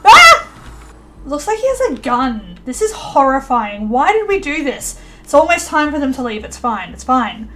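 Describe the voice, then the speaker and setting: A young woman casually commentating her life-sim gameplay, excitable and chatty, voicing her characters in quick asides. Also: high voice, background noise. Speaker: let's play host.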